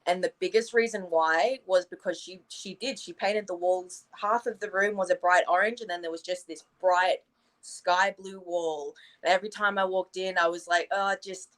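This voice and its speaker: A woman's voice: on the low side, steady tone, normal speed, a bit bright, low-quality recording. A woman poet at an open mic, reading spoken word and then telling stories, acting out her own reactions. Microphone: live-stream call.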